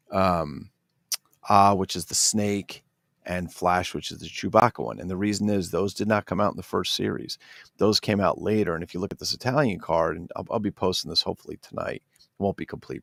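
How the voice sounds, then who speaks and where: Gravelly low-voiced man chatting casually. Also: dry recording, clean studio sound. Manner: rambling, self-correcting, chatty with viewers. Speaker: toy collector host. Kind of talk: casual livestream chat.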